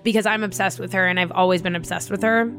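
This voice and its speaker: Chatting casually about her family, a woman with a middle-pitched voice tells animated stories, laughs often and swears freely. Faint music plays beneath her.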